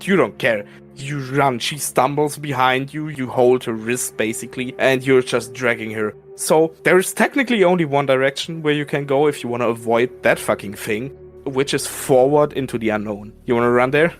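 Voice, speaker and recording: A man's voice: medium pitch, moderate pace, faint music behind. A man runs a tabletop horror game, describing the action in loose, vivid, profane narration. He talks casually, like a friend at the table. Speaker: game master.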